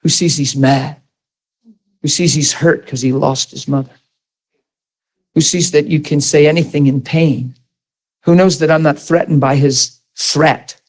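Preaching to his congregation, a man alternates between quick-fire questions and quiet, low-voiced storytelling. His animated delivery rises to high, emphatic peaks when he addresses the crowd.

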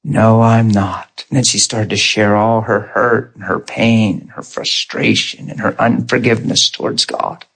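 A man preaching in a storytelling style, animated and often laughing as he acts out conversations. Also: lowish voice, moderate pace, vocal fry, hardly any pauses, breathy edge. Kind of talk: storytelling sermon.

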